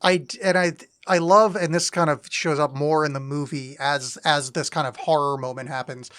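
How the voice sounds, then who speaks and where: Wry, profane man, slightly high voice. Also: steady tone, moderate pace, a bit bright, clear, resonant tone. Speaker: podcast co-host. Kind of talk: casual chat.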